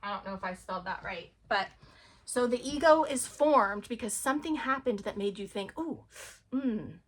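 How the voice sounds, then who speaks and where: A woman's voice: mid-range voice, animated, moderate pace, slight background noise. A young adult woman giving an earnest, rambling self-help talk to camera, with lots of fillers. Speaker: vlogger.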